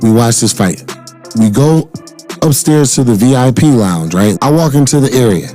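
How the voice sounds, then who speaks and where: Mellow-voiced man telling a story. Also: medium pitch, moderate pace, soft background music. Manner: animated retelling, quotes others in dialogue. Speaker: speaker defending himself over a dispute. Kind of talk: casual storytelling, recounting an incident.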